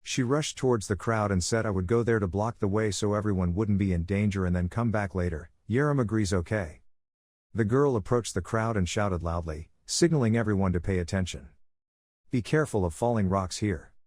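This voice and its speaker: A man with a fairly low voice narrates a comic story recap, reading every line, both dialogue and action, at the same steady, even pace that runs a little fast. The recording is close and dry, with no room echo.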